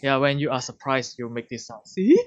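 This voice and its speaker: A man's voice: medium pitch, little pitch movement, a little fast, fairly bright tone. Hong kong guy teaching tones online, patient, keeps repeating sounds, a bit lo-fi. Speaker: language teacher. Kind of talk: online lesson.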